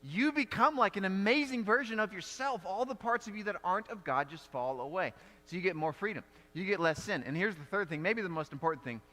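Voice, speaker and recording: Bright-voiced male preacher in a reverberant hall. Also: sits high, brisk. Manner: conversational storytelling preacher, animated delivery. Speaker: pastor. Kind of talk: sermon. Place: church sanctuary.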